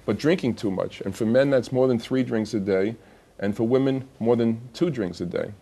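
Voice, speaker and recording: A man hosts a television health talk show. He speaks in an easygoing, chatty way, addresses the viewers at home directly, and has a voice of middling pitch. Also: normal speed, dark tone, husky. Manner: chatty, laughs through his own joke. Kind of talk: casual TV talk.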